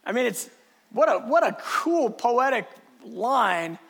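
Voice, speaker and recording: A man preaching a passionate sermon, swinging between shouting and hushed, lowered speech. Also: lively intonation, slow pace, creaky, slightly rough.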